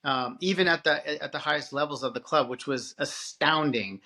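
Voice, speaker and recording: Brief: man, podcast co-host, slightly high and bright tone, lively halting chat. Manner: animated, halting with restarts and filler. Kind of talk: casual conversation.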